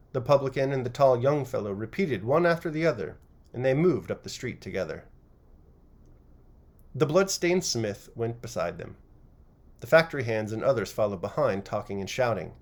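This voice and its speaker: A man narrating a classic novel chapter by chapter as an audiobook reader, with an expressive, varied reading. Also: mid-range voice, moderate pace.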